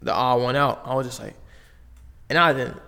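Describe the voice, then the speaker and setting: A man's voice: mid-range voice, normal speed, gravelly, pushed and bright, big-room sound. A young man from Las Vegas, a basketball player telling his story in loose, slangy casual talk full of fillers and restarts. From Las Vegas, USA.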